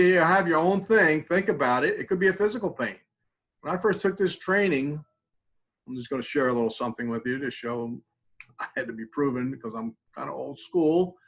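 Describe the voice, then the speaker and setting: A middle-aged man leads a mindfulness class through a tapping routine. He talks in a relaxed, conversational way at a middling pitch. When he repeats the practice phrases, his voice sinks to a soft, quiet murmur. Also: rough recording. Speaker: mindfulness instructor. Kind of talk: guided tapping exercise.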